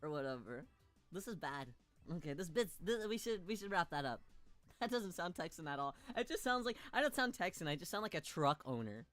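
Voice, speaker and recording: A woman's voice: fairly low pitch, big pitch swings, a little fast, a bit bright, faint music behind. A young woman streaming a game, reading its narration aloud between playful, giggly jokes.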